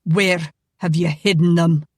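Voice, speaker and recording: A woman's voice: on the low side, steady tone, a little slow, no echo, clean studio sound. A woman voicing a stout, hot-tempered older father who bellows and blusters. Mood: furious.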